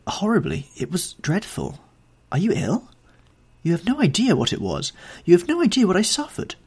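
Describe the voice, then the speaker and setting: A man's voice: medium pitch, very animated, moderate pace, breathy edge. A man doing a bitter, wounded young man. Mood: anguished. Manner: hard, bitter and raised.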